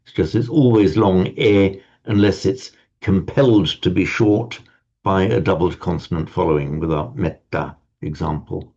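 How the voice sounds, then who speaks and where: Speaking at a moderate pace in a low, dark, slightly rough voice, a man teaches a language class. The lecture is digressive, full of stammered restarts and wry asides, captured in a dull lo-fi recording.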